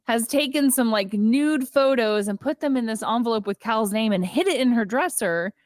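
A woman's voice: mid-range voice, dry recording, studio quality. A woman co-hosting a casual movie podcast, retelling scenes with lots of "like" and acting out the characters' lines. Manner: frequent "like" fillers and laughter. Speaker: podcast co-host. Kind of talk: casual movie recap chat.

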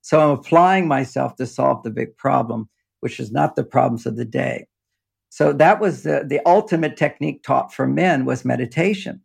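A man's voice: mid-range voice, moderate pace, creaky, slightly rough. An older man talking in a rambling, explanatory way in a casual interview, often breaking into laughter, speaking from an underground home office. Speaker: relationship author and guest.

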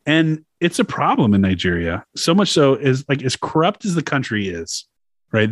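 A man's voice: mid-range voice, no room sound, clean studio sound. A man hosting a podcast, explaining a topic in a loose, chatty way with laughs and swearing. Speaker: podcast host. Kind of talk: casual chat.

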